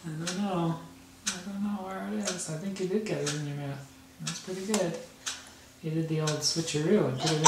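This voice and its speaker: A man feeding his baby at home, talking to her in gentle, doting, playful baby talk. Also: fairly high pitch, moderate pace. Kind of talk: baby talk during lunch. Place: home, at a baby's mealtime. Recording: echoey room, far from mic, loud background noise.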